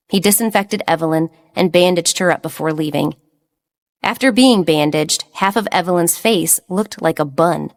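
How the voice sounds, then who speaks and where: A woman narrates a romance novel in a steady, even reading voice. Her pitch sits a little low for a woman, and the pace is measured. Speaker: audiobook narrator. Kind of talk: scripted narration.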